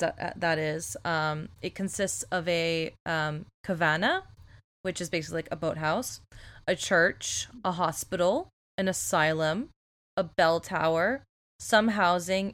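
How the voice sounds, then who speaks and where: A woman co-hosting a casual podcast, chatty and loose, swearing freely and filling pauses with ums. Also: lowish voice, fairly bright tone. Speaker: podcast co-host. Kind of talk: casual chat.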